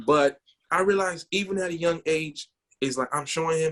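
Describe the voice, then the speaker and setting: Animated storytelling man on a podcast. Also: fairly high pitch, fairly quick. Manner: animated, repeats words when wound up. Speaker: podcast co-host.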